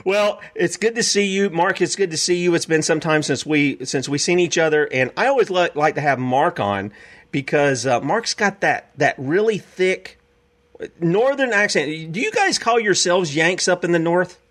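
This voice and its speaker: Male host, slightly high pitch, folksy and easygoing. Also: lively intonation, normal speed, fairly bright tone. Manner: folksy, chuckles often. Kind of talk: talk show hosting.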